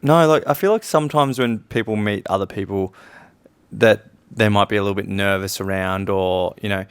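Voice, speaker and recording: A man's voice: fairly low pitch, moderate pace, clear, resonant tone, no room sound. A young man co-hosting a casual couch podcast, teasing and ribbing his mate in a dry way. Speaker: podcast co-host. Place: living room couch, close dry mic.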